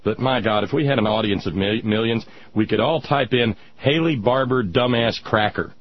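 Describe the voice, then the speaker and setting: A man's voice: medium pitch, moderate pace. A male radio talk show host in casual, blunt political chat, sardonic and full of restarts. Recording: dull lo-fi radio with faint hiss.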